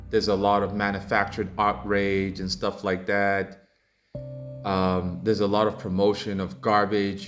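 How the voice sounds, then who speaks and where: Low-voiced guy ranting over comments, mocking and heated, soft guitar music in the back. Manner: mocking, heated, rises to loud exasperated outbursts. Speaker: commentary channel host.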